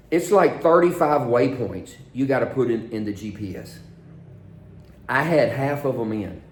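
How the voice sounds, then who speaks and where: A man's voice: mid-range voice, darkish tone, echoey room. A man who works as a pilot, telling stories casually and animatedly, acting out the quoted dialogue. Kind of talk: casual storytelling.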